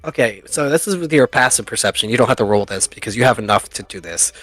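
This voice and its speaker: A man's voice: medium pitch, animated, quick pace, fairly bright tone. A man narrating as game master of a tabletop game, chatty and laughing often at his own jokes.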